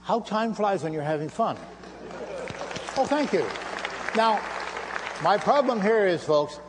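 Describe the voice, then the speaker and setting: An older man with a high-pitched, expressive voice speaks a little slowly, with a crowd audible in the background. He gives a live stage lecture with magic demonstrations before an audience in a lecture hall, in playful, self-mocking showman patter. The live hall recording has a faint hum, and the audience laughs.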